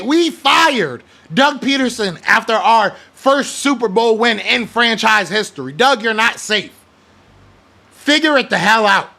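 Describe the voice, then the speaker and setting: Fired-up man ranting, bright gravelly voice. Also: sits high, sing-song, unhurried. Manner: fired-up, emphatic, slangy and blunt. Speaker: podcast host. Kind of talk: heated sports rant, reading live chat.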